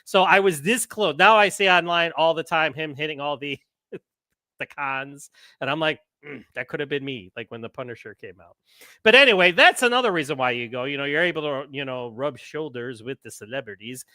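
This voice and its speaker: Male podcast host, excitable rambling chatter, bright edge, dry close sound. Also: fairly high pitch, a little fast, no room sound. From United States. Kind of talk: casual live-stream chat.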